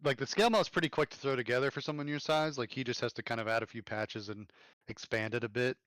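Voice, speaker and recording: A man running a tabletop game as game master, relaxed and thinking aloud as he goes. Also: medium pitch, fast, dry recording.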